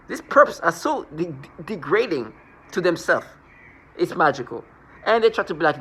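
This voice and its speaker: A man's voice: fairly high pitch, sing-song, moderate pace, pushed and bright, slightly rough. A man rambling through a scornful personal monologue, restarting and repeating words as he goes. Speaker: vlogger.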